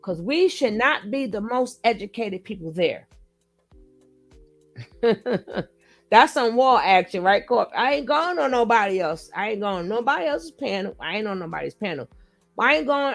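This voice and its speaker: Blunt, mocking woman host doing reaction commentary, fairly high voice with a gravelly edge.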